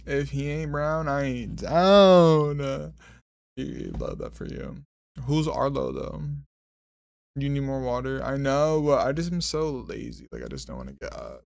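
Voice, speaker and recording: Sassy young streamer, gravelly voice. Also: male voice, mid-range voice, huge pitch swings, moderate pace, darkish tone, no room sound. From Mexican heritage. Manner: sassy, swearing, rambling chatter. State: high and half asleep. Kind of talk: casual stream chat reading comments.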